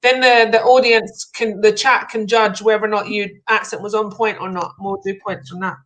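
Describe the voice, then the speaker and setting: A woman's voice: mid-range voice, steady tone, normal speed, a bit bright, poor audio. A young woman hosting an online game show in casual, bubbly chat.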